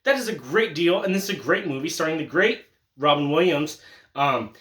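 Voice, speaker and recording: A young man talks through his collection in a loose, joking vlog manner, swearing freely and breaking into laughs and loud excited outbursts. His voice sits fairly high for a man. The room around him is echoey, with a clear reverberant ring. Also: moderate pace. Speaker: collector showing his Blu-ray haul. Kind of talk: casual chat vlog.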